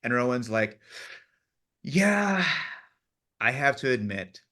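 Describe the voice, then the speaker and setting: Guy with a bright forceful voice, kinda low, director telling set stories and doing the crew's voices. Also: fairly quick. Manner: animated storyteller, acts out crew voices, laughs often. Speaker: film director, interview guest. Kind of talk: casual interview chat.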